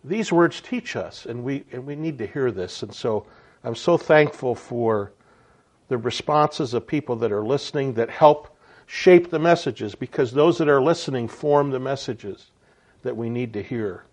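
A man's voice: mid-range voice, animated, a little slow, a little mellow. A man giving a reflective spoken sermon message in an earnest way, with frequent stammered restarts. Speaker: preacher.

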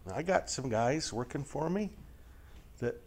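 Folksy and joking, this middle-aged man teaches a sermon conversationally to a live group, forever tossing out rhetorical questions and tag checks. He speaks at a medium pitch without hurrying.

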